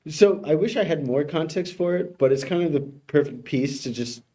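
A man's voice: on the high side, brisk, warm tone. A male radio co-host presenting odd headlines in a wry, matter-of-fact, casual way with light laughs.

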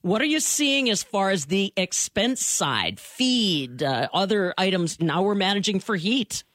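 A woman's voice: medium pitch, very animated, measured pace, fairly bright tone, no room sound, studio quality. A woman hosting a farm radio show, interviewing a guest in a friendly, conversational way.

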